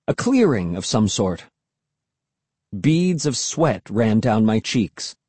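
A man reads a first-person children's story with an animated, rising and falling delivery. His tone is mellow and a bit husky. The recording is dry and close, with no room sound. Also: fairly low pitch, takes it slowly, no room sound. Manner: expressive, animated. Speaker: audiobook narrator. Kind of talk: scripted first-person narration.

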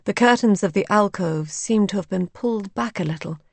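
A woman narrating a story in a measured, even way. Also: medium pitch, creaky, no room sound.

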